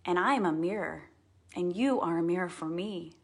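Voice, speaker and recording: A woman talks to her live viewers with a husky, breathy voice pitched a little low. She gushes and repeats herself, then turns slow and soft when she recounts a meditation. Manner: gushing and heartfelt, repeats words. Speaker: live video host sharing personal experiences. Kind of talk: casual live-stream monologue.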